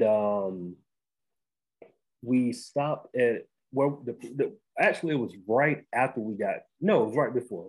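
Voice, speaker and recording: A man, hosting a podcast and telling a story in animated casual chat, often restarting and saying "bro". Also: lowish voice, husky, poor audio. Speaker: podcast host.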